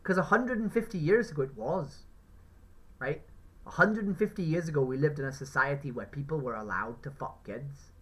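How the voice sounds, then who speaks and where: A man's voice: on the high side, lively intonation, moderate pace, fairly bright tone, poor audio. A man with an Irish accent, a street activist talking someone round, emphatic and profane, who keeps asking "right?". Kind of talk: persuasive street conversation.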